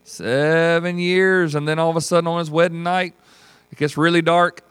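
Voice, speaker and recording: A man's voice: fairly high pitch, moderate pace, smooth, dry recording. Folksy man teaching a Bible study. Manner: folksy, animated storytelling with acted voices. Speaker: pastor leading a Bible study. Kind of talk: teaching sermon with group discussion.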